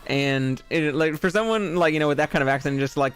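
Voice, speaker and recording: A man's voice: medium pitch, a little fast, hardly any pauses, clean tone. A man streaming a video game, chatting casually in a rambling, goofy way, with plenty of fillers. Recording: faint game music behind.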